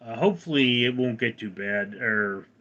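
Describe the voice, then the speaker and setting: A middle-aged man with a General American accent hosting a casual livestream, reading out chat comments and answering them at a measured pace. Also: mid-range voice, pushed and bright, lo-fi sound. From United States. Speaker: livestream host.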